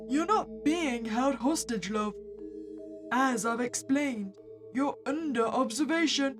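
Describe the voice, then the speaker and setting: A woman voicing a calm, quietly controlling male psychiatrist obsessed with his patient, reading a horror visual novel aloud. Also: high voice.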